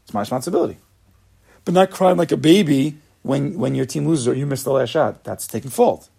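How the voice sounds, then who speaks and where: Male Torah lecturer, gravelly and husky, emphatic and repetitive, lots of Hebrew terms. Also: mid-range voice, brisk, dark tone. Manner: emphatic, repeats words, sprinkles in Hebrew terms. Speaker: Torah teacher.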